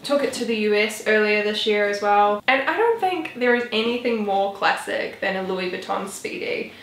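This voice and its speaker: A woman's voice: mid-range voice, moderate pace, a bit bright, reverberant. A woman in her twenties, chatting casually as a vlogger, rambling with lots of "like" and "um". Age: 20s. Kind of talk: casual chat.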